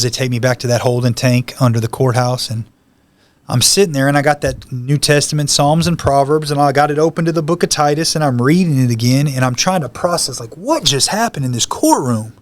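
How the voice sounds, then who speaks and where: A man's voice: medium pitch, brisk. Earnest man sharing a heartfelt testimony. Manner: earnest, conversational, frequent "you know" asides; emotional, heartfelt retelling. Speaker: podcast guest. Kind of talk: personal testimony storytelling.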